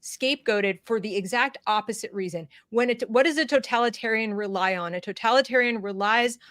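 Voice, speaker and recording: A woman hosting a conversational discussion, her voice sitting a little high. She talks in an animated way, full of fillers and restarts. The sound is dry and close. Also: fairly quick, no room sound.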